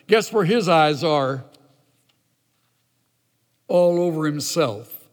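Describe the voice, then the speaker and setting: A male preacher delivering a sermon in a slightly high voice, slow and emphatic. Long hall reverb rings around every phrase. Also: expressive. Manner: emphatic, storytelling.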